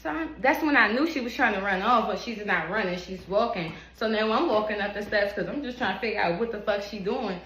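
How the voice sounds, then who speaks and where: A young woman hairstylist telling a story to her phone camera, animated, emphatic and full of swearing. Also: medium pitch, brisk, hardly any pauses. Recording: echoey room with steady background noise.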